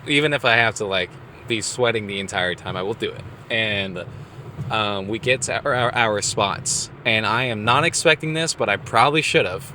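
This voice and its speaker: A young man co-hosting a podcast, telling a story in casual chat, animated and acting out his own quoted lines. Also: lowish voice, a little hiss or hum. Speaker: podcast co-host.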